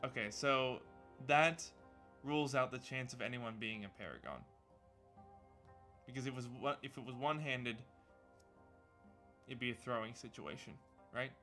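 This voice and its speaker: A man livestreaming, reading a game blog aloud with excitable, rambling commentary while sleepy and yawning often. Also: mid-range voice, moderate pace, pauses often, faint music behind. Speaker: gaming streamer.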